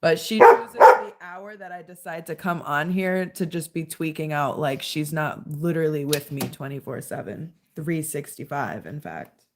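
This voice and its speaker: A woman's voice: sits low, moderate pace, hardly any pauses, slight background noise. A young woman hosting a casual livestream from home at night, chatting with viewers and scolding her dog. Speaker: livestream host.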